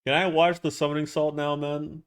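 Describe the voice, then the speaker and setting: A man's voice: on the high side, flat delivery, normal speed, clear, resonant tone. Rambling, foul-mouthed male streamer. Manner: rambling, profane, talking back to chat. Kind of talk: casual live-stream chat.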